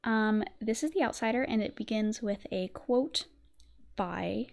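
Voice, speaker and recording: A woman's voice: mid-range voice, measured pace, creaky. A woman streamer chatting casually and hesitantly, with fillers and restarts. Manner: hesitant, many fillers, laughs often. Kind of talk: casual chat.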